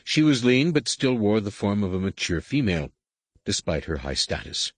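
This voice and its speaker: A man narrating an audiobook in a deliberate, even storytelling manner on a close microphone. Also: on the low side, no echo. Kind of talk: scripted narration.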